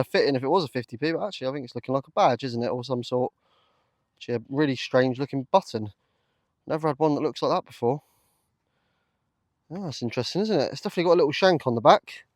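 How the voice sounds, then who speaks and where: A man talking casually to camera while metal detecting in a field, chatty and easily excited, with lots of fillers. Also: on the high side, no echo. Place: open field outdoors.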